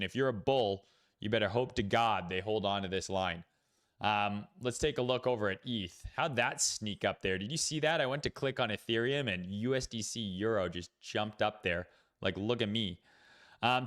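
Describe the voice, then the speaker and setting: A man with a medium-pitched, slightly bright voice hosts a laid-back crypto trading livestream. He gives market commentary bluntly, swearing freely and thinking out loud with plenty of filler words.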